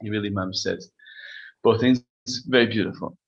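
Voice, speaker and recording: A Torah teacher with a lowish, gravelly, husky voice leads a casual text-study class at normal speed, reading Hebrew passages aloud and explaining them conversationally. The recording has its high frequencies cut off.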